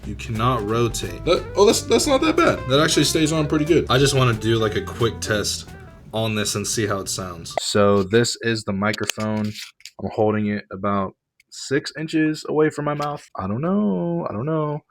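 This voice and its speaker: A young man vlogging casually as he unboxes and tests budget gear, chatty and excitable, with plenty of fillers. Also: fairly low pitch, normal speed, faint music behind.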